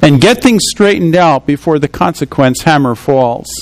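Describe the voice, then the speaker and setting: A man's voice: on the high side, lively intonation, normal speed, slight background noise, low-quality recording. A man preaching a sermon in a conversational way, often asking his listeners rhetorical questions.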